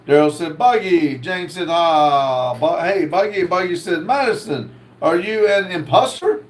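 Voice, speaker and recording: A man hosting a casual livestream, reading viewer comments aloud in a slow drawl. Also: fairly high pitch, expressive. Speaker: livestream host reading chat.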